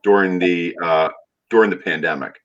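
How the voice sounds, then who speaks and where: A man hosting a podcast interview, telling a story with lively quoting and bursts of excitement. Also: moderate pace, muffled recording, noisy background. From Pittsburgh area. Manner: animated storyteller, jumps high when quoting his mom. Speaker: podcast host. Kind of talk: casual interview chat.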